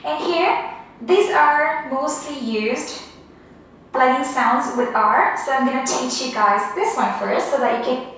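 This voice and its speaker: Patient phonics teacher, woman, high voice, echoey room mic far off. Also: fairly bright tone. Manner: clearly sounds out each letter, repeats, praises with "very good". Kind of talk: slow, patient phonics drilling.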